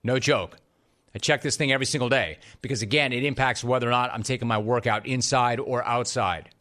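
Animated, sarcastic male sports host. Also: medium pitch, fairly quick. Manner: animated, sarcastic, jokey asides. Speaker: sports talk show host. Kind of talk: energetic monologue. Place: studio.

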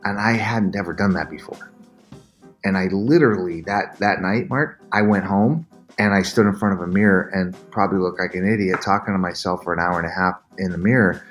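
A middle-aged man with a fairly low voice tells his story as a podcast guest, earnest and animated, jumping into quoted voices. Faint music plays softly beneath him. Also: a little fast. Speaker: podcast guest, endurance athlete. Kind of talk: candid storytelling interview.

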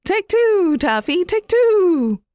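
Woman doing a shrill silly turtle dove. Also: sing-song, slow, a little mellow, dry recording, clean studio sound, exaggerated voice. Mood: sing-song. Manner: shrill sing-song chant.

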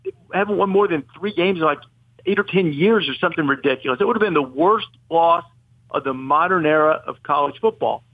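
A man's voice: a little high, animated, fairly quick, gravelly, no room sound. A man debating college football as a podcast guest, rambling and correcting himself as he argues his point. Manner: rambling, self-correcting, opinionated. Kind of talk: casual sports debate. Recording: tinny phone-like line.

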